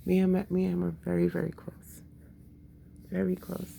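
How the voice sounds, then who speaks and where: A woman's voice: fairly low pitch, monotone, moderate pace, gravelly, mellow, a little hiss or hum. A woman and mother talking candidly in a casual personal monologue, swearing freely and laughing often.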